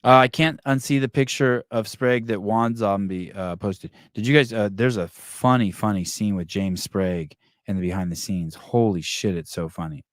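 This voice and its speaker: A man's voice: lowish voice, normal speed, few pauses, dry recording, studio quality. Profane rambling podcast host man. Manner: rambling, profane, with frequent restarts. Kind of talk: casual chat reading live comments.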